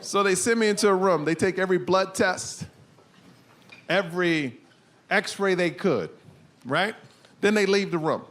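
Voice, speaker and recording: High-voiced male stand-up comedian. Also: a little slow, long pauses. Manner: animated, storytelling, crude punchlines. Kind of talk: stand-up set. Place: comedy stage before an audience. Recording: live stage recording with background noise.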